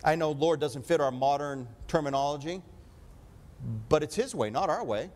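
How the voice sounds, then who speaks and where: A man delivering a sermon in a fairly high voice. He preaches emphatically, pressing his points and turning to the congregation for an amen. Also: expressive, normal speed, darkish tone.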